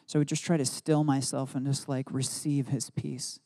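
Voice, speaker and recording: A middle-aged man preaching a sermon as pastor, reflective, slowing and softening his voice in devotional passages. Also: medium pitch, fairly even intonation, dry recording, clean studio sound.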